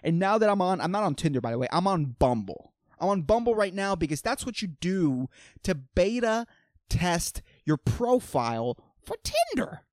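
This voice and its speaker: A young man rants alone into a close, dry microphone, cursing constantly as he riffs. His pitch leaps all over the place, loud bursts dropping into low, muttered asides. Every few words he adds a swear word as filler. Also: very animated, moderate pace, no room sound. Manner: profane, ranting, swings from loud outbursts to mumbled asides. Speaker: podcast host. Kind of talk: solo comedic rant.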